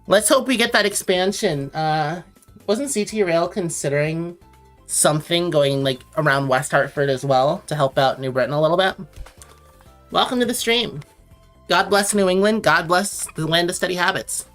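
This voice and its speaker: Late at night, a young Connecticut woman streams herself drawing, rambling casually and responding to viewers as she reads their messages out. She speaks at normal speed in a lowish voice, and faint music plays in the background.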